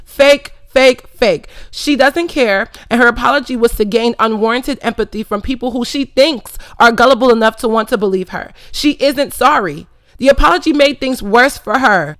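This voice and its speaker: A woman's voice: a little high, a bit bright, no room sound, studio quality. A 21-year-old woman from Philadelphia, a vlogger giving sassy, emphatic commentary that roasts its target. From Philadelphia, USA. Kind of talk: commentary rant.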